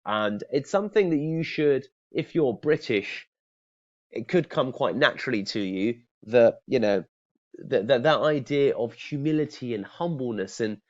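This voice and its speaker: A man teaching cold calling in a conversational way, often restarting and checking in with "okay?". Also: mid-range voice. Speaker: sales trainer. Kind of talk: training talk to camera. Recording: dull lo-fi sound.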